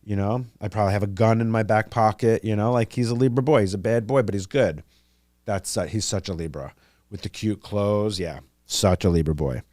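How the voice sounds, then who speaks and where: A man hosting a podcast, rambling casually with lots of fillers and an animated delivery. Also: lowish voice, fairly quick, dry recording, clean studio sound. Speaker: podcast host. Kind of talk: casual chat.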